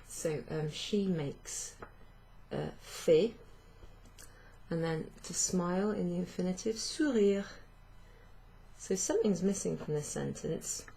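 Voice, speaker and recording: A woman's voice: on the low side, lively intonation, slow pace, vocal fry, warm tone, breathy edge. A woman teaching a French lesson, explaining patiently with fillers and self-corrections. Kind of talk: online language lesson.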